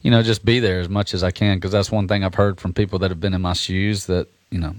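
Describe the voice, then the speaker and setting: A man talking casually as a guest musician on a radio show, relaxed and rambling with restarts. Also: sits low, quick pace, dry recording.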